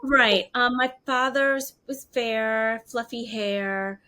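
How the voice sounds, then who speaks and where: A woman's voice: fairly high pitch, slow. Woman in her fifties telling her story. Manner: animated, acts out quoted voices. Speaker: interview guest. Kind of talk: personal storytelling.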